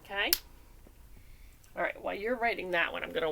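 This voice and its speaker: A woman teaching a recorded class lesson, animated and sing-song, calling on students by name in a classroom. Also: lowish voice, a little fast, creaky, long pauses, noisy background. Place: classroom with whiteboard.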